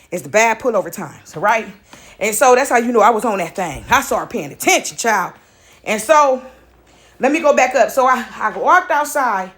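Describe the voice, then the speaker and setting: A woman telling a personal story to her viewers in a casual, animated way. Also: on the high side. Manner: animated, emotional, talks straight to viewers.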